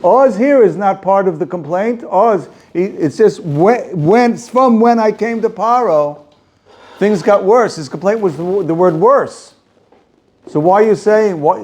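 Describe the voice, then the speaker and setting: A man teaching a Torah class as a rabbi, animated and rhetorical, asking questions and repeating phrases for emphasis. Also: sits high. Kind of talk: Torah lecture to students.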